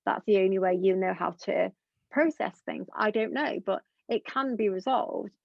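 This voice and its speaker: Young woman, gravelly fry, earnest rambling talk, dull lo-fi dry sound. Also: medium pitch, moderate pace, dry recording. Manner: earnest, rambling with many fillers. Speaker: guest. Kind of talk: candid conversation.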